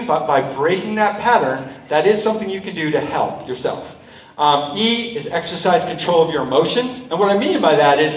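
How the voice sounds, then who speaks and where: A high-voiced man addresses a school assembly with an animated, motivational delivery. He keeps checking in with the crowd through quick asides. His voice rings through a large, echoey hall, picked up from some distance away. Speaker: school assembly speaker and juggler. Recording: roomy hall, mic from a distance.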